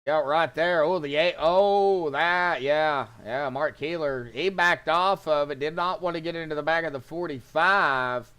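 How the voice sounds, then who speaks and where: A man calling sim race action as commentator, in a slow, drawn-out way with sudden excited outbursts. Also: on the high side.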